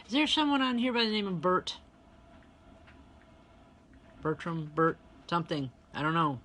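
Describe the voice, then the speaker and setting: A woman medium giving a live online reading, chatty and direct with her viewers. Her voice is bright and forward. Faint noise sits behind her. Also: lowish voice, big pitch swings, moderate pace. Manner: chatty, speaks straight to online viewers, relays spirit messages. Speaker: spiritual medium and reverend.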